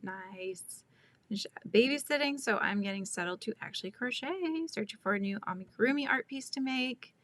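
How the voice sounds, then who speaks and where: A woman's voice: mid-range voice, pushed and bright, no echo. A middle-aged woman hosting a crochet livestream, chatting casually, giggling and reading the chat aloud.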